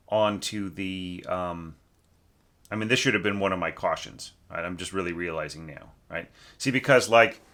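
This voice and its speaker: A man's voice: on the low side, sharp tone. A man teaching orchestration, giving a casual spoken critique of a student's score, thinking aloud with frequent restarts and tag questions, sometimes singing rhythms to show a point. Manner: sings rhythms to demonstrate.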